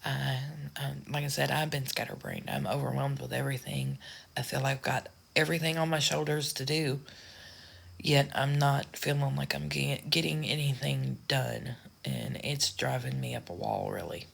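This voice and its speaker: A woman's voice: a bass voice, animated, normal speed, creaky, breathy edge. A woman from the United States talking frankly and ramblingly in a casual vlog. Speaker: social media creator.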